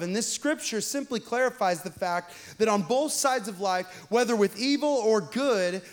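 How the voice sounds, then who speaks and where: A young man with a high, light voice preaches. He tells his stories casually and chattily, then climbs to loud, shouted points for the congregation. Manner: conversational storytelling, swinging to shouted emphasis. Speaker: pastor. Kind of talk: sermon.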